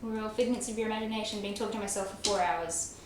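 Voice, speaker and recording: A young woman races through casual chat while livestreaming a game, her voice medium in pitch as she reads messages. She's quick to laugh and poke fun at herself, and the very echoey room has faint noise.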